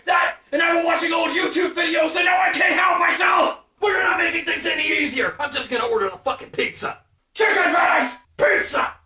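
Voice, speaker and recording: A woman voicing young roommates in a cartoon who yell and argue frantically, recorded in an echoey room away from the mic. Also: extremely high pitch, brisk, far from the mic, a little hiss or hum, full character voice. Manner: yelling nonstop, frantic and argumentative. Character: screaming young roommates in a petty feud. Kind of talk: cartoon voice acting.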